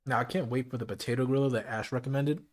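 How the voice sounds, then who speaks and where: At home in the middle of a late-night stream, a man talks fast to his chat between bites, using easy slang in a casual just-chatting session. His voice sits at an ordinary middle pitch, and the sound is close and clean through a streaming mic with a noise gate and filters.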